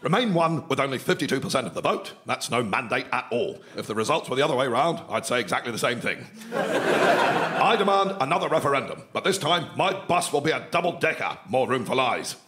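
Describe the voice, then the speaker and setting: A man's voice: mid-range voice, sing-song, brisk, roomy sound, very noisy, natural voice. An actor playing a blustering, indignant middle-aged male politician in a radio comedy sketch. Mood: ranting. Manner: ranting, indignant.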